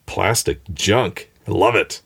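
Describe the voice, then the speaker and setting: A man's voice: deep voice, lively intonation, slow pace, gravelly, a bit bright, slightly rough. A man in casual podcast chat, talking enthusiastically with lots of fillers and restarts. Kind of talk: casual chat recapping a TV episode.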